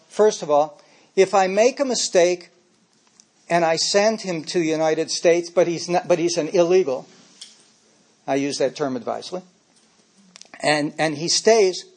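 A man's voice: sits high, a little mellow. Older man telling stories in a speech. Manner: anecdotal, gets emotional while speaking. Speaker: speaker giving a talk. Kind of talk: personal storytelling speech.

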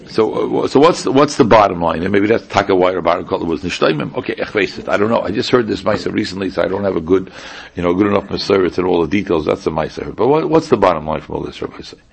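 A rabbi delivers a relaxed Torah class in a deep voice with a gravelly, fried edge. His tone is husky rather than clear. He talks casually and keeps circling back to sharp rhetorical questions. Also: fast. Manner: conversational, repeats pointed rhetorical questions. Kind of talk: informal Torah lecture.

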